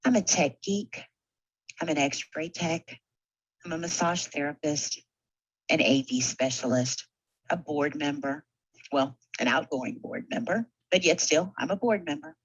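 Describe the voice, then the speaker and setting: A woman's voice: low voice, a little slow, slightly rough, no echo, lo-fi sound. A woman who works as a simulation technologist gives a motivational conference talk. She speaks conversationally and stirs the audience with rhetorical questions.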